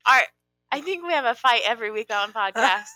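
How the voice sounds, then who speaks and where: Lively, bright-voiced woman co-host. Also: on the high side, quick pace, dry recording. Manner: animated, mock-offended. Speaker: podcast co-host. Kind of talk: casual chat.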